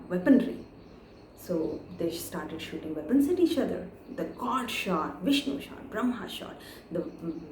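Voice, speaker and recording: A woman telling an old scripture story to camera with animated, sing-song pitch, turning to ask her listeners questions. She pauses often on fillers. The echoey room carries a faint background hum.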